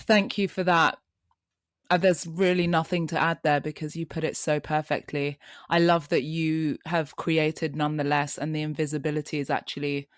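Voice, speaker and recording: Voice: medium pitch, no room sound, clean studio sound. An interview host speaking in a supportive, reflective way, often agreeing with short replies.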